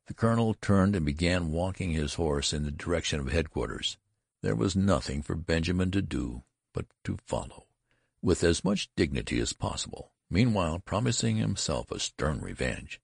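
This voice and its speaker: An audiobook narrator reads a classic story from a script, measured yet expressive. His voice is extremely deep, with a gravelly fry and a husky edge. The recording is close and dry, with no echo.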